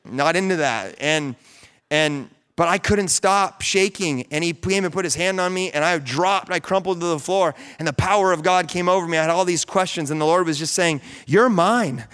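Male pastor preaching, storytelling sermon, slightly high, smooth resonant voice. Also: normal speed. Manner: storytelling, animated, rising to fervent peaks.

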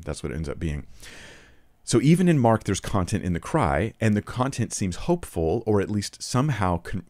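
A man's voice: sits low, darkish tone, dry recording. A man giving an earnest, argumentative spoken commentary for a video, quoting scripture and often restarting his phrases. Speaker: Christian apologetics video presenter.

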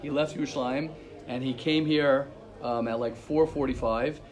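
A man teaching an informal religious class, telling stories in an animated way and repeating his phrases. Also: medium pitch, normal speed. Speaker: Torah teacher.

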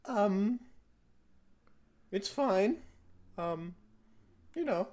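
A man's voice: high voice, animated, extremely slow, a little mellow, pitched above the performer's own voice, full character voice. A man voicing a hesitant twelve-year-old girl who fills her talk with ums. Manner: hesitant, fidgety, full of ums.

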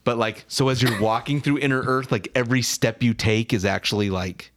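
An easygoing man chatting on a podcast, his voice sitting at a middle pitch and jumping higher whenever he argues a point. He talks casually and keeps the banter animated. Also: brisk. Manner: animated, jumps pitch up when excited or arguing. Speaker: podcast co-host. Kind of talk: casual chat.

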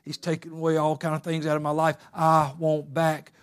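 A male preacher with a fairly high voice delivers a sermon. He swings between hushed, intimate passages and loud, fervent exhortation, repeating phrases for emphasis. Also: monotone, normal speed, clear, resonant tone. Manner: builds from quiet talk to loud fervent preaching.

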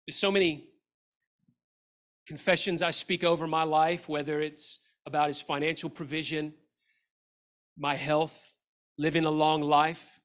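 A middle-aged man, a pastor, preaching a sermon with passion, dropping to a quiet voice when he quotes scripture. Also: fairly high pitch, little pitch movement, measured pace, long pauses.

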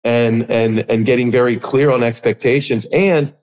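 A middle-aged man, a guest on an interview podcast, telling his story with lively acted-out quotes. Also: medium pitch, normal speed. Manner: animated storyteller, acts out quotes. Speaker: podcast guest, business coach.

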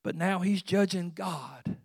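A man preaching a sermon as pastor. He swings from hushed, intimate talk to loud exclamations and often repeats words. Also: high-pitched, takes it slowly, creaky, husky, dry recording, clean studio sound.

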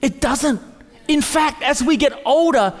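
A man preaching a sermon, swinging between loud, urgent rises and quiet, intimate drops. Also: extremely high pitch, unhurried. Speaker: pastor. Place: church hall. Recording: long hall reverb.

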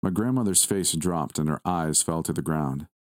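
Man narrating creepy story, real low voice, dry close sound, steady pace. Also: no room sound. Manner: measured, steady reading. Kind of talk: scripted first-person horror narration.

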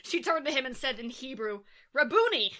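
A woman's voice: high-pitched, fairly quick, very noisy. A woman co-hosting a casual comedy podcast, reading scripture aloud and cracking sarcastic jokes between the verses. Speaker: podcast co-host.

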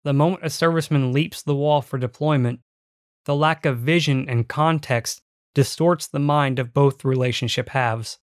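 A man giving measured, reflective first-person audiobook narration. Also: mid-range voice, fairly even intonation, dry recording, studio quality.

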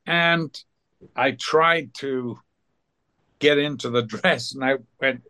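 A man with a mid-range voice tells behind-the-scenes stories as an interview guest. He is animated and slips into the voices of the people he quotes. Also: mid-range voice, slow pace, long pauses, clean tone. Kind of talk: anecdotal storytelling.

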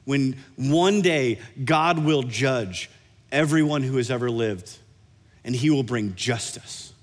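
A man preaching a sermon, telling a personal story in an animated way and slowing down for emphasis. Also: medium pitch. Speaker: pastor. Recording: reverberant hall.

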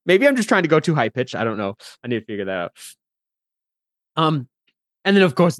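A man chatting as a guest on a casual podcast, animated and playful. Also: fairly high pitch, fairly quick, pauses often, no echo, clean studio sound. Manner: animated and playful, laughs easily.

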